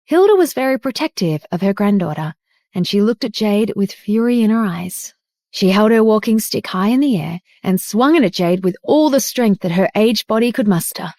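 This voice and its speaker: A woman reading a romance audiobook in steady scripted narration. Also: mid-range voice, normal speed, no echo, clean studio sound.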